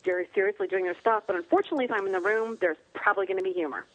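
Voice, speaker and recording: A woman guest author chatting in an interview, telling stories in a humorous, animated way. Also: medium pitch, rapid-fire, poor audio. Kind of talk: casual interview chat.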